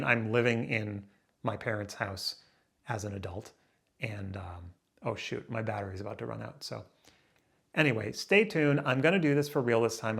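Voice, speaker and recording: Angry gravelly man ranting. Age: 30s. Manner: angry, swearing, stuttering restarts; swings between loud outbursts and low muttering. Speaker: vlogger. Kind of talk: raw emotional rant to camera.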